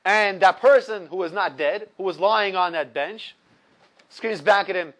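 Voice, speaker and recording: A man teaching a religious ethics lesson, telling a story animatedly with big swings between loud and soft. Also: sits high, moderate pace. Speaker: Torah teacher.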